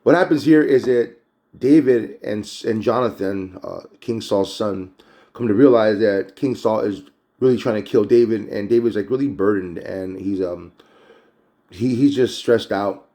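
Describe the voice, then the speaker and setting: A man's voice: lowish voice, a little slow, dark tone. A man teaching a casual Bible chapter recap, conversational and a bit preachy.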